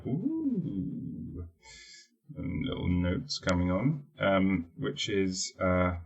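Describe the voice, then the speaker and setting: A man hosting a casual solo podcast, rambling and jokey and swearing freely. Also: low voice. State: wearing teeth-straightening trays. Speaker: podcast host.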